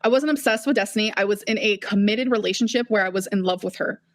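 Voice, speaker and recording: Fast-talking upset woman vlogger. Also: mid-range voice. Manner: heated, swearing, repetitive. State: shaky and upset. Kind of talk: emotional live-stream rant.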